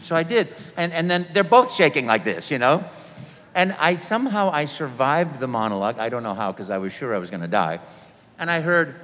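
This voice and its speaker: Older man, animated storyteller, a little high-pitched, recorded dull with long hall reverb. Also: fairly quick. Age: 60s. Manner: animated storyteller, acts out quotes with sudden jumps in voice. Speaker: voice actor guest speaker. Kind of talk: storytelling talk to a convention audience.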